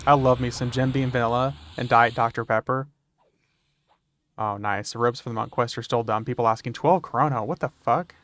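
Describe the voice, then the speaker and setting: Fairly quick and level, a bright-ish mid-range male voice carries a casual livestream chat while he plays a game. He's easygoing, cracks jokes, swears freely, and keeps saying "dude."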